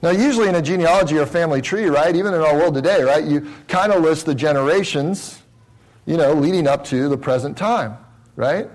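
A man preaching a Bible-teaching sermon in an explanatory way. He often asks his listeners rhetorical questions and slows down and grows softer on key phrases. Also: a little high, poor audio. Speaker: pastor.

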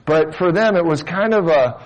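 A man's voice: a little high, normal speed, dull audio. A middle-aged man, a pastor, preaching a conversational sermon with casual asides, frequent restarts and light humor.

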